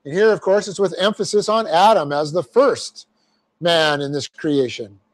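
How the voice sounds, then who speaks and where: A man's voice: fairly high pitch, moderate pace. A man teaching a verse-by-verse Bible class, explaining Greek grammar step by step with folksy asides. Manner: folksy asides, repeats phrases for emphasis.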